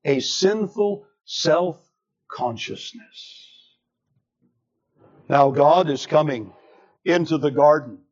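Male preacher, slightly high voice, deliberate sermon delivery. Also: expressive. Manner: slow, emphatic delivery with dramatic pitch swings. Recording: dull lo-fi sermon recording.

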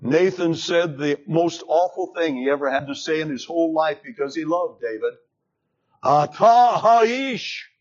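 A man preaching a sermon, retelling a scripture story in a dramatic, deliberate way. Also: fairly high pitch, darkish tone. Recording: dull lo-fi recording.

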